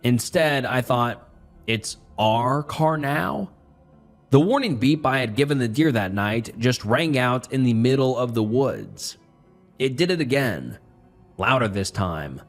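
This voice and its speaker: A man narrating a first-person horror story in a tense, dramatic way, dropping low and quiet for asides. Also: expressive, unhurried. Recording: faint music bed behind the voice. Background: faint background music.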